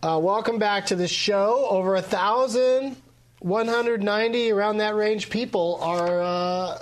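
A man hosting a podcast in a casual chat, relaxed and full of fillers. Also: high voice. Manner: relaxed, drawn-out filler-heavy delivery. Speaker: podcast host.

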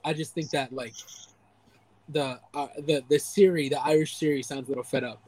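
A young man co-hosting a podcast in casual chat, animated and telling stories with acted-out quotes. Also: on the high side, normal speed, no room sound, poor audio. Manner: animated storyteller, acts out quotes in silly voices. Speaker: podcast co-host.

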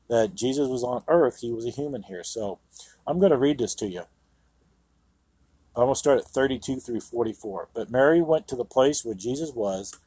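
A man's voice: medium pitch, mellow, slightly rough, dry recording. A man hosting a Christian radio program, reading scripture aloud and commenting on it earnestly and emphatically. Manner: earnest, emphatic, with frequent "you know". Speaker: radio show host and Bible teacher. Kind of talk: Bible reading with sermon commentary.

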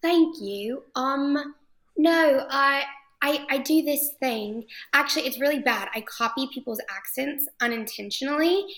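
A woman from Texas, an actress guest chatting enthusiastically in an interview, with frequent quick restarts. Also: high-pitched, a bit bright. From Texas, USA. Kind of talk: casual interview chat.

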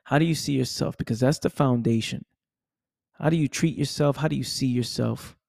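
A man's voice: medium pitch, fairly quick, creaky, darkish tone, dry recording. A man giving an emphatic motivational monologue, repeating himself and dropping "right?" and "man" asides. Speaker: motivational speaker.

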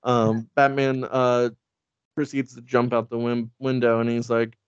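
A man's voice: mid-range voice, flat delivery, a little slow, clean tone, no room sound, highs cut off. Laughing, swearing man in casual chat. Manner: laughs often, swears, acts out characters' lines. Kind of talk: casual comedic chat recapping a show.

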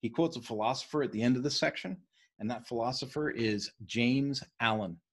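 East Coast-raised male study leader, husky voice, rapid and conversational. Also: mid-range voice. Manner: fast-talking, keeps checking in with "right?". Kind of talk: casual teaching on a leadership book.

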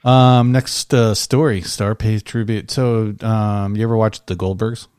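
A man's voice: on the low side, fairly even intonation, a little slow, darkish tone, smooth, no echo, studio quality. A man hosting a casual podcast chat, reading out news items and laughing often. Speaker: podcast host.

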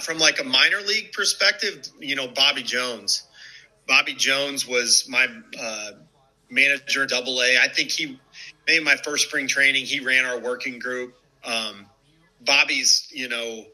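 A man in his fifties tells old stories in a loose, casual way, full of fillers. His voice is very bright and forward. When he quotes someone, his pitch jumps sharply. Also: rough recording. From United States. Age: 50s. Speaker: former baseball player, guest. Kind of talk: casual storytelling.

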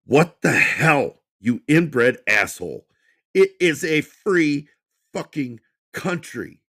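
A man's voice: sits low, very animated, a little slow, voice pushed up, full character voice. A man voicing a rude, abusive, short-tempered young man who snaps and swears. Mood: raging. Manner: snapping, shouting, swearing.

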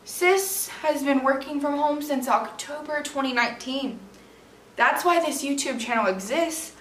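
A woman's voice: high voice, a little slow, a bit bright. A woman in her twenties, a podcast host, telling a personal story in a candid, chatty way full of "like" and "literally", recorded at home on a camera mic. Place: room at home. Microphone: camera mic, at a distance. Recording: echoey room, distant from the mic, faint hiss.

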